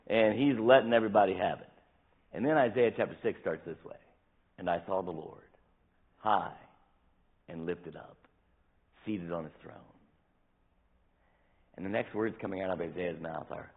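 A male pastor preaching a sermon with animated delivery, acting out scripture quotes, his voice tiring. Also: on the low side, a little fast, breathy edge, phone-quality sound. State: voice tiring, dry throat. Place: church sanctuary.

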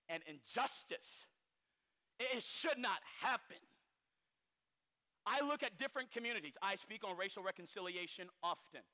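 A man preaching a sermon in an animated way, acting out the people he quotes and shouting for emphasis. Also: high voice. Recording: long hall reverb.

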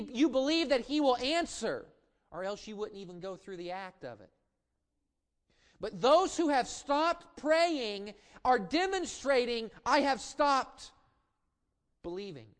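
High-voiced man preaching with slow emphasis. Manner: impassioned preaching with slow drawn-out emphasis and sudden drops to quiet asides; stammers and restarts when building up. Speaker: pastor. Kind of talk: sermon.

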